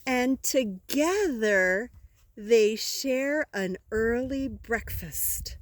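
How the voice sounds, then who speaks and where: An older woman reads a storybook aloud to a child in a slow, unhurried way. Her fairly high voice swoops up and down with lively expression, and she stops often to ask the child questions. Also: no echo. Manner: slow, gentle and lively, with gasps and questions to the listener. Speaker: grandmother reading to a child. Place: outdoors by woods.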